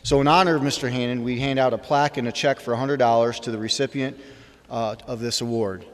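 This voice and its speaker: Middle-aged principal announcing school awards. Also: male voice, mid-range voice, fairly even intonation, fast. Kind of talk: presenting awards at a ceremony. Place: school graduation ceremony hall. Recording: echoey hall, faint noise.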